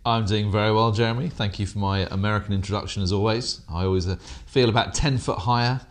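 A man's voice: on the low side, fairly even intonation, quick pace. A British man from England co-hosting a business podcast, chatting casually with dry, self-deprecating humour. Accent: British English. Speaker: podcast co-host.

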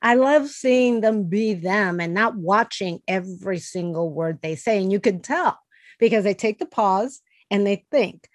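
A woman's voice: mid-range voice, lively intonation, a little slow, dry recording, clean studio sound. A woman hosting a podcast, talking in an eager, chatty way. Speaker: podcast host. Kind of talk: casual conversation.

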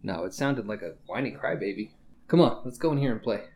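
A man's voice: on the low side, expressive, fairly quick, a little mellow. A man hosting a podcast, telling casual stories in a rambling, profane way. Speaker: podcast host.

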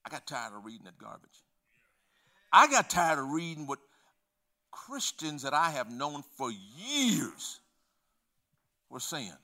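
An older man preaching a sermon as pastor, swinging between hushed, low passages and loud, emphatic ones, acting out conversations from his stories. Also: very animated, slow pace, long pauses.

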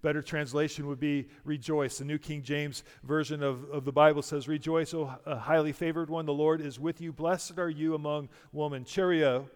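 A man's voice: a little high, little pitch movement, normal speed, hardly any pauses, smooth, in a large hall. A man preaching a sermon to a congregation, emphatic and full of rhetorical questions. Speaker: pastor.

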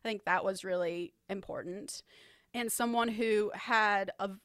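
A woman's voice: medium pitch, fairly even intonation, measured pace, a bit bright, dry recording, clean studio sound. A woman co-hosting a podcast, chatting casually about her work and laughing easily. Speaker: podcast co-host.

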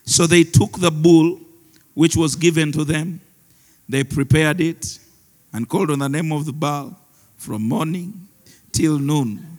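A man's voice: on the high side, measured pace, pauses often, darkish tone. A man, a pastor preaching a sermon who laughs often and mixes in Luganda phrases. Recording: long reverb of a large hall.

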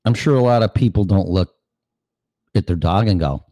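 A man's voice: low voice, normal speed, warm tone, no room sound. A man hosting a show, ranting sarcastically and cursing, now and then acting out other voices. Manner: acts out voices mid-rant. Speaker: show host. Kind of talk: opinion monologue.

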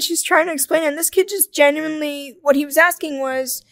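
Casting note: young woman, podcast guest, candid and jokey, higher voice, dry close mic. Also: brisk, dry recording. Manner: candid, jokey, animated storytelling. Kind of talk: casual interview chat.

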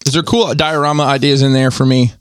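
A man co-hosting a podcast in casual chat, dropping wry, quick quips. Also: medium pitch, fairly even intonation, clear, resonant tone, no room sound, studio quality. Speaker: podcast co-host.

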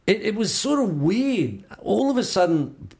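A man's voice: high-pitched, sing-song, unhurried, gravelly, darkish tone. A man with an Australian accent, a surfboard shaper, telling rambling stories in a casual interview and acting out the reactions he quotes.

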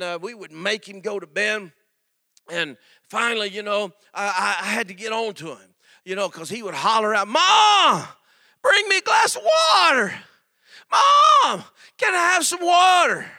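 A middle-aged preacher man with a high, gravelly voice preaches in a folksy, storytelling way. He talks with bright, forceful energy and keeps asking the crowd for amens. The sound is close and dry. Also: no echo. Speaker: guest preacher. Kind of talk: sermon.

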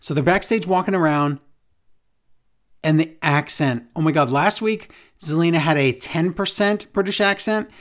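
A man's voice: fairly high pitch, moderate pace. A man co-hosting a podcast, recapping a show in casual chat, with sarcastic, exasperated asides. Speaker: podcast co-host.

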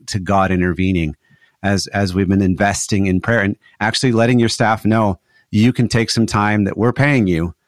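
A man's voice: lowish voice, no echo, studio quality. A man, a guest on a podcast interview, earnestly telling an anecdote about his work. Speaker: guest author.

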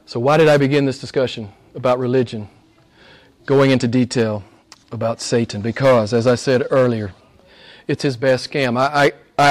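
A man preaching a sermon to his congregation. He talks emphatically and repeats phrases, dropping low and quiet and then climbing high and loud.

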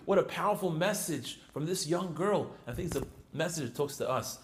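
Enthusiastic rabbi telling stories. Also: male voice, fairly high pitch, animated, brisk, few pauses. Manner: enthusiastic, rising to emphatic peaks on key points; many restarts and filler words. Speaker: rabbi and author being interviewed. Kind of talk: animated storytelling interview.

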